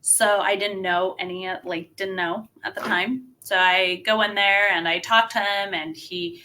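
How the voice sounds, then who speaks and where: A woman wrestler telling a story casually as a podcast guest, animated and laughing, with lots of filler words. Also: medium pitch, unhurried, a little hiss or hum.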